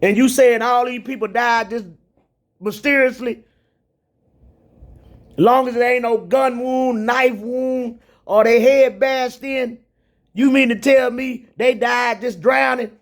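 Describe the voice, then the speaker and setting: Man, high voice, rambling rant, repetitive, profane. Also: steady tone, slow pace, pauses often. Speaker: commentator. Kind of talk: ranting commentary.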